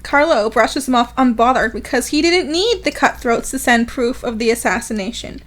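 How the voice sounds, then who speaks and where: A woman's voice: on the high side, normal speed. A woman co-hosting a podcast, recapping a novel in casual chat and laughing often as she retells each scene. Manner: animated retelling, reading quotes aloud with laughter. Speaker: podcast co-host.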